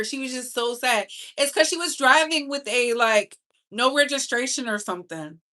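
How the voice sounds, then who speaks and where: A bright, sharp-toned woman talks celebrity gossip with a sassy, chatty delivery. Her voice sits a little high, and her carries the talk. She drags some words out slowly and rushes others. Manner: chatty, sassy, speeds up and slows down for emphasis. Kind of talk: casual live-stream chat.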